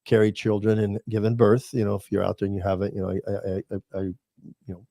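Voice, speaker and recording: A man's voice: lowish voice, flat delivery, fast talker, gravelly, dark tone, dry recording, clean studio sound. An older man co-hosting a chat show, telling family stories in a folksy, rambling way. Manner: storytelling, folksy, repeats words. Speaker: podcast co-host. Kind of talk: casual chat.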